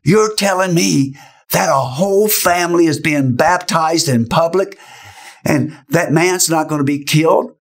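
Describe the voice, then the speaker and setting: An astonished young woman, excited and pleading, speaks in a loud stage whisper, as a man puts her on. Her voice sits high above an ordinary speaking voice. Each line comes out as a disbelieving question. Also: unhurried.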